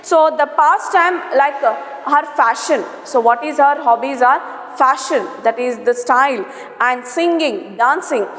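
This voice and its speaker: A woman teacher with an Indian English accent, slowly explaining a textbook lesson, repeating herself and checking in with "okay?". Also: high-pitched, fairly bright tone. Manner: slow, repetitive explaining with many fillers and "okay?". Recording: echoey room with long reverb.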